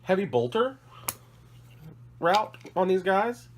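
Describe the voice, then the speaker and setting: A high-pitched man speaks slowly with big pitch swings, over slight background noise. He's sick with a cough, hosting a casual hobby vlog from his work table, rambling through a display of models with self-corrections and apologies.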